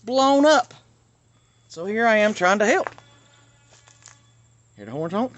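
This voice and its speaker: Blunt male vlogger, ranting, slightly high voice, self-filmed on a phone. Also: lively intonation, takes it slowly, a bit bright, highs cut off. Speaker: channel host. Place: outdoors near traffic. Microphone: handheld phone.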